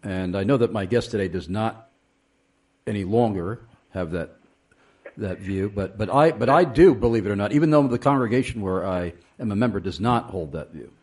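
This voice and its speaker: Deep-voiced man hosting a radio interview. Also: lively intonation, a little mellow, slightly rough. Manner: deliberate, with frequent pauses and "uh". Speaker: radio show host. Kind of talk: interviewing a guest on a radio show.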